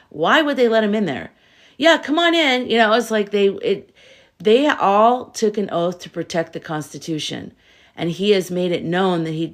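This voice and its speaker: A woman hosting a live stream as a tarot reader, chatting casually, firing off rhetorical questions and answering viewer comments. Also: fairly low pitch. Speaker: tarot reader and livestream host.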